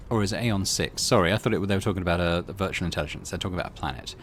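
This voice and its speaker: A man's voice: deep voice, very fast, hardly any pauses. Wry man narrating a game. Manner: wry, chatty asides. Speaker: let's play host. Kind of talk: reading a game aloud with asides.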